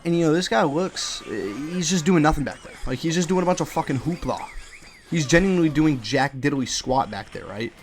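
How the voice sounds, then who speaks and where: A young man ranting at home about his restaurant job while playing a game, animated, profane and full of slang. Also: a little high, brisk. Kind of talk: casual rant over gameplay.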